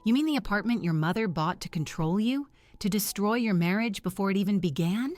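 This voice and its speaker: A woman's voice: medium pitch, lively intonation, brisk, darkish tone, no echo, soft background music, lightly acted. A woman voicing a harsh, scheming middle-aged mother-in-law who speaks with cold venom. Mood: venomous.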